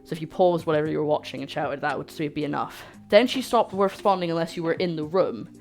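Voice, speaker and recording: A woman's voice: deep voice, fast, darkish tone. Chatty woman cooking live. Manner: chatty and playful, talking to her chat. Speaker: cooking stream host. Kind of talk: casual livestream chat while cooking. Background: faint background music.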